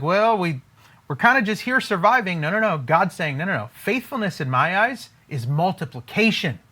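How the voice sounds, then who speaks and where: This faith-based money teacher speaks in a high-pitched, pushed, bright voice. Preaching emphatically about scripture and finances, he performs the parts of imagined believers and says things again to drive them home.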